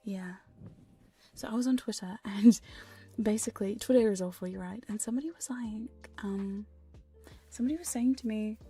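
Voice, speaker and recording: A woman chatting in a whispered ASMR livestream, soft and breathy, laughing and swearing casually between close-mic whispers. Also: mid-range voice, normal speed, pauses often, soft background music. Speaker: ASMR hypnosis streamer. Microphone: studio condenser mic close up.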